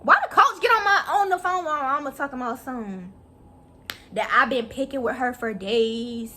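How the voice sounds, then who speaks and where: A young woman telling a story in a vlog, animated and profane, talking fast. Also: high voice. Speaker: vlogger.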